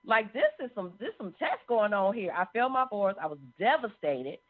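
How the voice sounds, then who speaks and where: A woman sharing a personal testimony in an animated storytelling manner. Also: medium pitch, normal speed. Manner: animated, acts out quoted voices. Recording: phone-like narrow sound.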